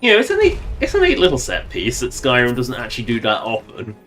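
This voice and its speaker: A man's voice: medium pitch, huge pitch swings, fast talker, a bit bright, soft background music. A man streaming a video game, rambling and joking to himself in casual commentary.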